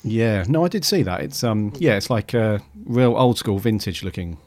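Bloke cohosting a podcast, kinda low voice, lots of ums, dry close sound. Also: male voice, animated, moderate pace, a little mellow, dry recording. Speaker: podcast co-host. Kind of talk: casual chat.

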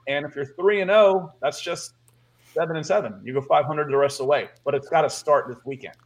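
A man's voice: fairly high pitch, brisk. Man from Georgia rambling on a podcast. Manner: rambling, repeats words, chuckles. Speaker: podcast co-host. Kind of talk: casual sports talk.

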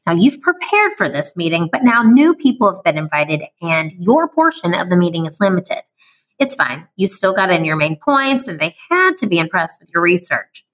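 A woman's voice: fairly low pitch, sing-song, moderate pace, a bit bright. A woman with a nasal twang and a Southern and Midwestern American accent, hosting her own podcast in an upbeat, playful way. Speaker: podcast host. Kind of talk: podcast host monologue.

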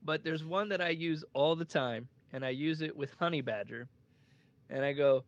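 A man co-hosting a casual movie podcast, animated and laughing as he quotes lines. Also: fairly high pitch, moderate pace, dry recording, lo-fi sound. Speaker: podcast co-host.

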